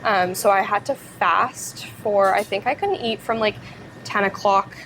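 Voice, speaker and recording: A teenage girl chats as an interview guest, her speech loose and full of fillers and little giggles. Her pitch sits in the ordinary middle for a young woman. A faint hum of noise sits behind her. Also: measured pace, fairly bright tone, low-quality recording. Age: teens. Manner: chatty, many fillers and giggles. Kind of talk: casual interview talk.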